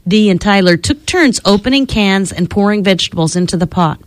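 A woman radio host reading a children's storybook aloud in a studio with an expressive delivery, then appealing to listeners. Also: mid-range voice, brisk, dry recording.

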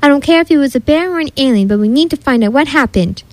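A woman's voice: high-pitched, expressive, fast talker, darkish tone, no room sound, pitched above the performer's own voice. A woman doing an urgent, earnest young boy. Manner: urgent, insistent.

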